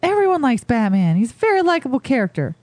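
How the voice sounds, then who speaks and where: Woman co-host, high and bouncy, sarcastic teaser, dry mic. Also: very animated, quick pace, darkish tone, no echo. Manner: teasing, sarcastic. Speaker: podcast co-host. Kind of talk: casual comedic chat.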